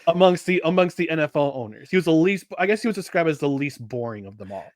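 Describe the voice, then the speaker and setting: A man's voice: on the high side, animated, fast talker, dry recording, studio quality. A man co-hosting a casual podcast, rambling with many restarts and fillers. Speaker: podcast co-host.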